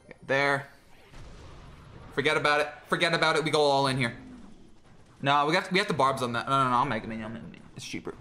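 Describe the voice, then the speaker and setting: A young man giving excitable, jokey running commentary on his own gameplay, talking to himself as he plays. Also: mid-range voice, fast, long pauses, a little hiss or hum. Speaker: gaming creator.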